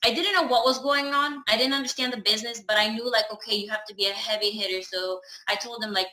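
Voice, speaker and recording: A woman's voice: fairly high pitch, fairly even intonation, fast, bright, forceful tone, roomy sound, low-quality recording. A woman chatting casually through a personal story, acting out the dialogue as she goes. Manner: chatty, acts out her own and others' dialogue.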